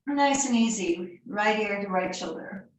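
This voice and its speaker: A woman's voice: mid-range voice, expressive, unhurried, slight background noise. Woman yoga teacher, conversational and encouraging, recorded from a distance in a reverberant room. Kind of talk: live yoga class instruction. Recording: echoey room, mic far off.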